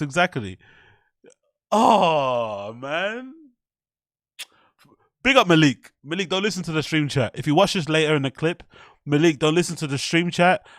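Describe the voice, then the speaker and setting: A young man chats through a live stream in a loose, laughing way, swearing as he goes. His voice sits fairly high for a man. The sound is close and dry. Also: fairly bright tone, dry recording. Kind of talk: casual stream commentary.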